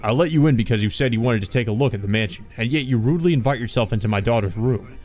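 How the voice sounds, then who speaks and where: A man voicing an irritable middle-aged father in a visual novel, speaking in a brusque, shrill and tense way. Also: fast talker, soft background music, lightly acted. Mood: irritated. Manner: brusque, shouting.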